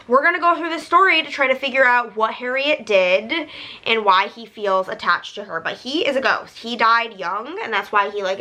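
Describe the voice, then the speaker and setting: A young woman talks through her reading in a loose, chatty vlog voice, leaning on "like" as she recaps scenes. Her tone is bright and a little sharp, and her pitch sits slightly high. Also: rough recording. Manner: chatty, fillers of "like", retells scenes in quotes. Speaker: book vlogger. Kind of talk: casual chat about books.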